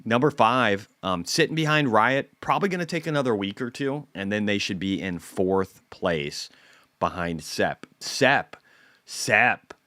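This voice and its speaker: A man's voice: on the low side, expressive, measured pace, bright, forceful tone, no echo, studio quality. A man hosting casual market commentary, talking bluntly and animatedly with occasional profanity. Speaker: host.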